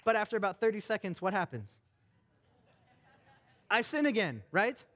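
A young adult man, a pastor, preaching a sermon with animated, emphatic delivery. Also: sits high, moderate pace, slight background noise.

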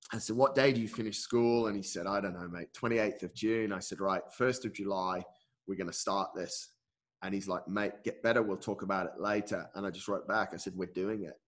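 A man's voice: medium pitch, bright, forceful tone. Candid man telling his story. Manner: earnest and candid, calls the listener "mate" often, with many restarts. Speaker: endurance coach, interview guest. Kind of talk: personal storytelling in a podcast interview.

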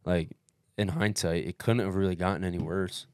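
A man's voice: sits low, steady tone, moderate pace, darkish tone, dry recording, clean studio sound. A man telling a long race story in casual podcast chat, blunt and emphatic, swearing constantly. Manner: blunt, heavily profane, emphatic. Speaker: podcast co-host recounting a race.

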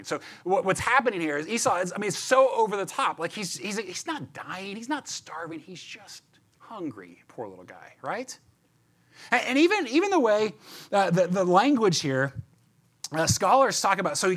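A man's voice: fairly high pitch, fairly bright tone. A man giving a chatty, conversational sermon as a pastor, often repeating words and checking in with "right?".

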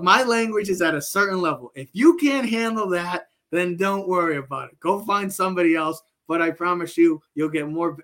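Blunt, excitable male sports host. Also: on the high side. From Italian-American background. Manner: blunt, excitable, talks in rapid repeated restarts. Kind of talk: casual sports talk.

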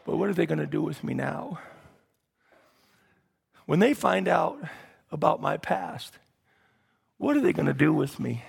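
A man voicing a hushed, worried woman with a long hall echo. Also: a little high, big pitch swings, a little slow, creaky, pauses often, slightly rough, voice pushed down, exaggerated voice. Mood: anxious. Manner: hushed, anxious musing. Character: worried woman fearing her past exposed.

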